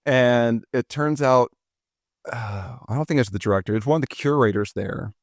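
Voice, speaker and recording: A man's voice: mid-range voice, moderate pace, no room sound, studio quality. A man in his forties hosting a podcast, telling stories in a chatty, jokey, self-deprecating way. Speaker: podcast host. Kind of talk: casual storytelling chat.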